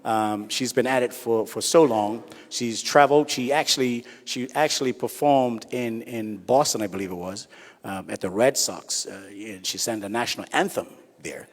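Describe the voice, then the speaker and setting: A man's voice: medium pitch, moderate pace. A man hosting an awards show as a comedian, chatty and teasing the crowd. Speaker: comedian and event host. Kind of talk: stand-up comedy and audience banter. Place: large hall at an awards event. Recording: reverberant hall.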